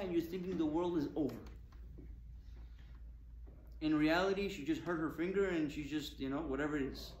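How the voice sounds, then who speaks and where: A man's voice: on the high side, brisk, slight background noise. A male rabbi giving a Torah talk, firing rhetorical questions at his audience with emphasis. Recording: echoey room with faint ambience.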